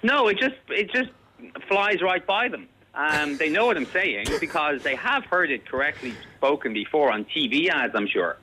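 An Irish man in his forties chats on a radio call. His voice is bright and forward, and he speaks with precise, fussy care over how each word is said. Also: on the high side, expressive, normal speed, a little hiss or hum, rough recording. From Ireland. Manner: precise, fussy about pronunciation. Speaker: caller. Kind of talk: casual chat.

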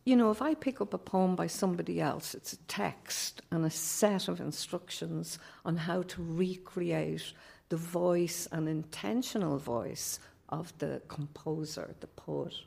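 A woman poet, not a native English speaker, talking thoughtfully on a panel with a measured, musing manner. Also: lowish voice, gravelly, a little mellow, breathy edge. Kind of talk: reflective panel discussion.

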